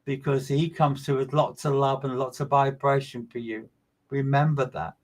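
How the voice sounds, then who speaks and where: A man's voice: medium pitch, flat delivery, moderate pace. A man working as a medium, giving a live streamed reading in a repetitive, emphatic way and greeting listeners by name.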